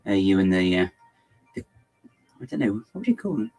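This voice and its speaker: A man's voice: lowish voice, sing-song, fairly quick, a little mellow, faint music behind. A man chatting casually on a livestream while building, rambling and muttering to himself with playful asides, his throat bothering him. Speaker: LEGO builder livestreaming to chat.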